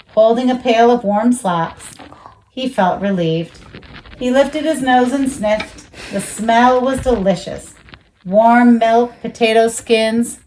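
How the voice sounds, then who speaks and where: A woman reading a children's storybook aloud, expressive, jumping high for the animal voices. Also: slight background noise, rough recording. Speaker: children's book reader.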